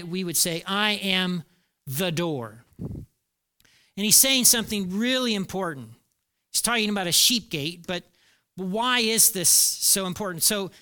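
A man's voice: high voice, pushed and bright, clear, resonant tone. A middle-aged male pastor preaching a conversational sermon, repeating key phrases for emphasis.

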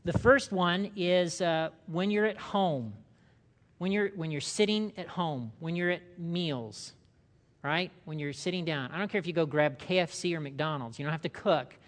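A man's voice: on the high side, moderate pace, long reverb tail. Man preaching a conversational sermon. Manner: conversational, asks the room questions, reads scripture aloud. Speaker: pastor.

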